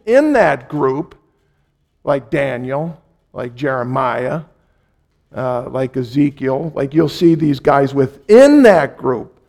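A man's voice: a little high, creaky, a little mellow. A man preaching a sermon, repeating key phrases for emphasis and acting out the people he quotes.

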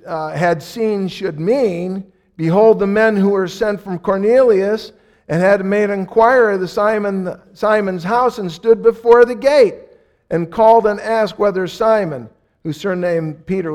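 A man's voice: high voice, a little mellow. A man preaching a sermon, repeating key phrases for emphasis and acting out the people he quotes.

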